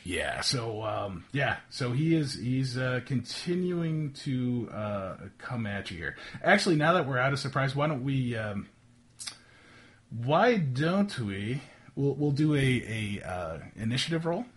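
Hesitant male game master, lively pitch. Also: unhurried, slightly rough. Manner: hesitant, many fillers and restarts. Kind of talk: narrating a tabletop game.

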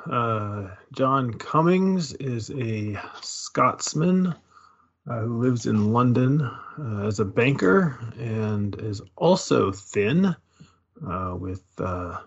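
A man's voice: medium pitch, expressive, very slow, breathy edge, lo-fi sound. A man playing a tabletop game, describing his character with many hesitations. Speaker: player. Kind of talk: casual tabletop game chat.

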